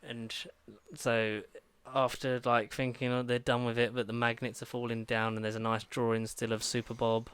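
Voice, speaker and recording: A man co-hosts a casual podcast and rambles through plot recaps, stopping and starting as he goes. His voice sits at an ordinary pitch and sounds close and dry, with no room around it. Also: level tone, moderate pace, few pauses, a bit bright, smooth, no echo. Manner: rambling recaps full of "like" and restarts. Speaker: podcast co-host. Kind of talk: casual chat.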